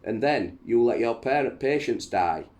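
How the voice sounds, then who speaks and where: A man's voice: medium pitch, animated, moderate pace, a little mellow, voice pushed up, natural voice. A man reading as a teasing jovial emperor.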